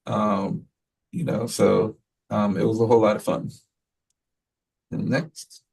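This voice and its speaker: Gravelly man giving a rambling meeting report. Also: fairly low pitch, slow pace, recorded from a distance, low-quality recording. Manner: relaxed, rambling, many fillers and quoted asides. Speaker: school head giving a report to the board. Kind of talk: casual spoken report at a meeting.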